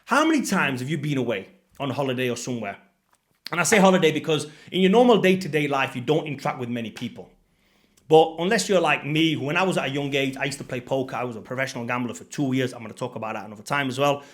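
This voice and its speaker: A man's voice: mid-range voice, lively intonation, fast. A man in his thirties talking straight to his viewers as a fitness coach, emphatic and pushy, repeating his points. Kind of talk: direct-to-camera motivational talk.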